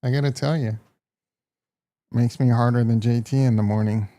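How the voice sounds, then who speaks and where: A man's voice: medium pitch, fairly even intonation, moderate pace, dark tone. A man with a Midwestern American accent hosting a casual live stock market stream, brash and joking as he reacts to prices and talks to his chat. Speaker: market livestream host.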